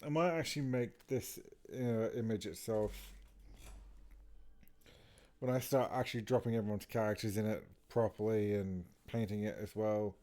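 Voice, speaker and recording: A tired man mutters to himself as he draws on stream, yawning between thoughts. His voice sits a little low and comes across mellow and dark. He talks in a loose, offhand way. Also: fairly even intonation, normal speed. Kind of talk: casual talk while drawing.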